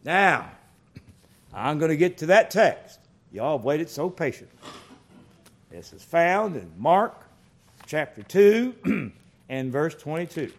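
Lively preacher, man with a high voice. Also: slow, creaky, pauses often. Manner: folksy, animated storytelling with big swings in loudness. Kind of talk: sermon.

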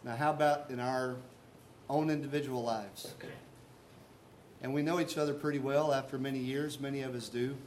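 Male pastor, earnest conversational sermon delivery, medium pitch, light background noise. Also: fairly even intonation, normal speed, a little mellow. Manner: earnest, conversational preaching with rhetorical questions.

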